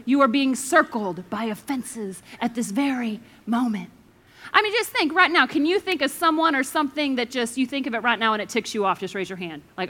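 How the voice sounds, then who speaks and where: Brief: high-pitched, sharp-toned woman pastor, playful and dramatic from the pulpit. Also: a little fast. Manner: lively, joking, dramatic. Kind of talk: sermon.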